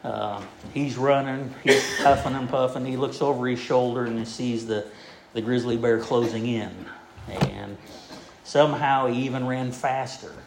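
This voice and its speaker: A man preaching a sermon in a folksy, halting way, with many fillers and restarts as he tells a joke. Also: mid-range voice, fairly even intonation, vocal fry, echoey room, noisy background.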